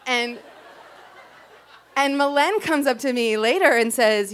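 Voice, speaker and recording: Her voice sits on the higher side with a fairly bright tone, and she speaks a bit slowly with long pauses. Standing at a stage microphone in a small club before a live crowd, she tells a personal story in a chatty, self-mocking way full of "um" and "like."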